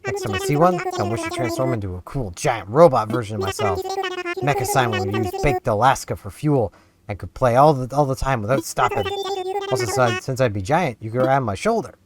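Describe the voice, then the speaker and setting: A man's voice: mid-range voice, huge pitch swings, fairly quick, very noisy. A man doing an eager dreamy monkey villager.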